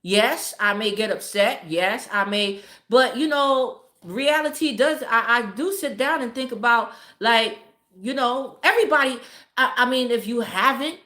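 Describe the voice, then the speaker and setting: A woman's voice: on the high side, unhurried, bright, forceful tone. A woman hosting a casual live stream, talking bluntly and cursing often while greeting viewers by name. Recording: echoey room.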